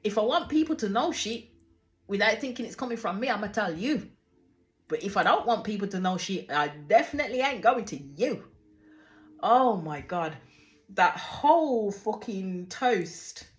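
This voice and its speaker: Animated, swearing woman reviewing a TV show. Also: mid-range voice. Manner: animated, swears freely, trails off and restarts. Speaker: reality TV reaction host. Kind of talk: casual video review.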